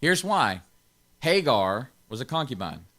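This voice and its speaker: A man's voice: medium pitch, sing-song, unhurried, fairly bright tone. A man pastor giving an informal Bible teaching, stressing key words and chuckling often.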